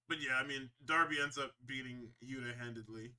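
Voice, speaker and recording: A man co-hosting a podcast, casually recapping wrestling shows in an animated, profane way and slipping into quick impressions. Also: mid-range voice. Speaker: podcast co-host.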